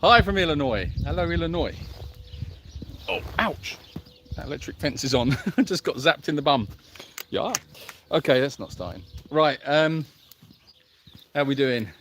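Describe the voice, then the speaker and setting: A man's voice: on the high side, expressive, unhurried, long pauses, background noise. A man hosting a casual livestream from an animal sanctuary, chatting outdoors among donkeys and greeting viewers by name in a friendly, self-deprecating way. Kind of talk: casual live-stream chat reading comments.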